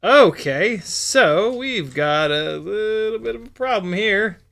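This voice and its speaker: Gravelly bright-voiced man chatting on a stream. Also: sits high, expressive, slow. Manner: rambling, swears, self-narrates the build. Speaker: livestream host building a drone. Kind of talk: casual live-stream chat while building.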